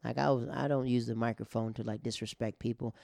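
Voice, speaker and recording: A man's voice: medium pitch, fairly even intonation, quick pace, creaky, a little mellow, no echo, studio quality. A male stand-up comedian telling a long story in a casual, rambling way, with restarts, acting out the other people in it.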